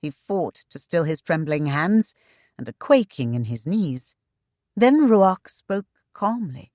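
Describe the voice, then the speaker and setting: A woman reading a historical romance audiobook in a measured, expressive way. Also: medium pitch, no echo, clean studio sound. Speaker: audiobook narrator. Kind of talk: scripted narration.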